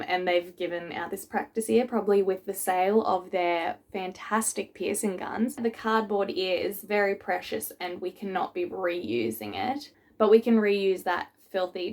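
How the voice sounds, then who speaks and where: Reacting to memes for her casual vlog, this young piercer is lively and sarcastic, frequently putting on mocking voices in her mid-range voice.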